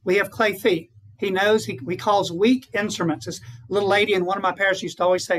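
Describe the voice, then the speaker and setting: A man's voice: high voice, fairly even intonation, quick pace, a bit bright, low-quality recording. A man who is a priest, giving an earnest retreat conference to fellow priests and often putting rhetorical questions to them.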